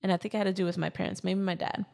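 A woman's voice: mid-range voice, little pitch movement, racing, creaky, darkish tone. A woman in her twenties telling a personal story in casual chat, with lots of fillers.

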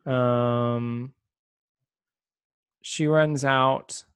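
A man's voice: mid-range voice, fairly even intonation, drawn-out words, smooth, no room sound, studio quality. A man co-hosting a podcast, casually recapping a TV episode and acting out the characters' lines as he goes. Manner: chatty, retells scenes by acting out quotes. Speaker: podcast co-host.

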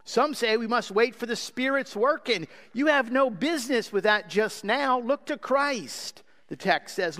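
A man's voice: very high voice, a bit bright, heavily acted. A man voicing a plain-spoken, homespun lay preacher who urgently pleads with his listeners. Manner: urgent, repetitive exhortation. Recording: long hall reverb.

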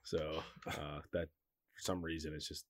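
A young man on a casual podcast who talks haltingly, with many fillers. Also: rumbling low, level tone. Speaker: podcast co-host. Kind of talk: casual chat.

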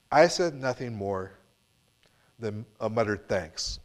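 A man's voice: on the low side, lively intonation, slow pace, long pauses. A man preaching a sermon, reading a story with dramatic swings from full voice down to near-whispers. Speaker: pastor.

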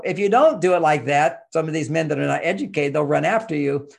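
An older man talks through relationship advice in an emphatic, lecturing way. His voice sits a little high and carries a gravelly, creaky edge. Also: expressive, fast talker. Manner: explanatory, emphatic, lectures with acted-out quotes. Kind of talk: conversational advice talk.

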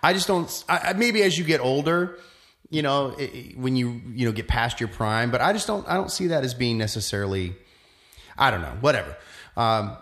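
A man's voice: mid-range voice, animated, moderate pace, fairly bright tone. Musician guy chatting, kinda rambly and reflective, lots of fillers. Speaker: musician and actor. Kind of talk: casual chat.

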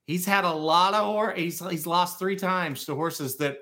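A man's voice: high-pitched, measured pace, bright, forceful tone. A man co-hosting a racing podcast, emphatic and fond of "like" and "I mean". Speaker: podcast co-host. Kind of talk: casual podcast chat.

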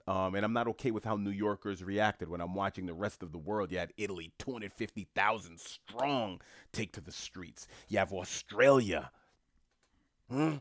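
A man's voice: on the low side, no echo, clean studio sound. A man from New York delivering an opinionated solo monologue, talking emphatically and scornfully, repeating his points and often restarting his sentences. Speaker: commentator.

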